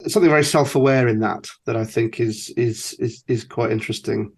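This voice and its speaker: A man's voice: medium pitch, creaky, darkish tone, husky. Thoughtful man hosting a podcast. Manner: thoughtful, halting, many restarts. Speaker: podcast host. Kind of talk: interviewing, casual chat.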